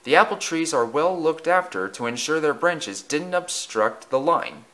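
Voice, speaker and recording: Ein Mann liest eine Kindergeschichte über Eisenbahnen vor, mit lebhaft wechselnder Tonhöhe. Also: male voice, fairly high pitch, lively intonation, moderate pace, sharp tone. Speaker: narrator. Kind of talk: storybook narration.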